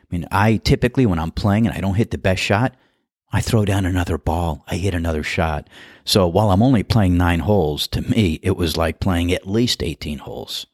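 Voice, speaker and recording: A low-voiced man with a husky edge tells a story in a casual, wry way, poking fun at himself. The sound is dry and close, with no room around it. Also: brisk, darkish tone, no room sound. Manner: wry, conversational, self-deprecating. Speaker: podcast host and golf starter.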